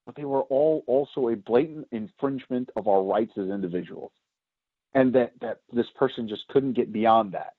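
A man co-hosting a political podcast, talking loudly and emphatically, getting louder when he is excited. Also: medium pitch, normal speed, dry recording. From United States. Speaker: podcast co-host. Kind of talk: opinionated political podcast talk. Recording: tinny phone-like sound.

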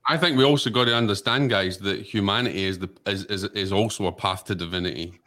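Deep-voiced earnest spiritual medium man. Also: fast talker, fairly bright tone. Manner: earnest, repeats words while searching for them. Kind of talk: casual interview talk.

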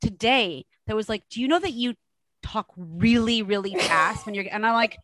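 A woman hosting a podcast, talking fast and enthusiastically in casual chat. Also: mid-range voice, lively intonation, a bit bright, dry recording. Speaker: podcast host.

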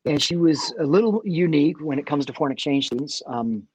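A man's voice: fairly high pitch, animated, a little mellow, breathy edge, dry recording. Earnest man with a dry sound. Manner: earnest, halting with restarts. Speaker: guest. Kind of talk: faith conversation.

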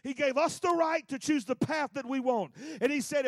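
A male pastor preaching a fervent sermon in a folksy way, swinging between shouted peaks and hushed asides. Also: very high-pitched, normal speed, few pauses, no room sound, studio quality. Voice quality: colloquial, folksy.

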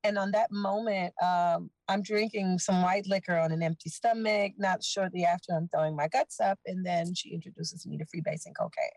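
A woman with a lowish voice tells her own story to an interviewer, earnest and unhurried. The sound is dry and close, with no room around her. She speaks plainly and openly as she recounts each step. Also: no echo, rough recording. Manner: earnest, animated retelling, voicing others in dialogue. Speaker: guest.

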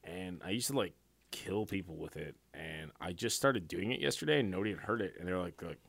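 A man's voice: low-pitched, brisk, vocal fry, fairly bright tone. A young man co-hosting a casual podcast, laid-back and joking, often trailing off into laughs. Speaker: podcast co-host. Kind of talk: casual chat.

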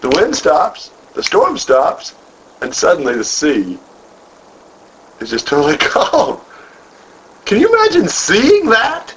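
A man's voice: high-pitched, wildly swooping pitch, slow, pauses often, a bit bright. A man leading a group Bible study, who asks questions, then repeats and expands on the answers. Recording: dull lo-fi room recording with faint noise.

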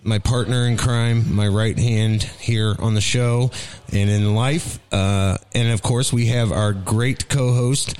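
A man's voice: lowish voice, fairly even intonation, slow pace, a little mellow, clean tone. Joking male show host, smoker's voice. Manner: joking, rambling, affectionate banter. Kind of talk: casual chat.

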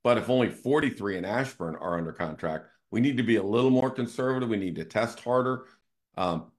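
A man hosting a casual real estate talk, walking through charts and checking in with "right?" as he explains. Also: on the low side. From Northern Virginia area. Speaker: real estate team CEO and show host.

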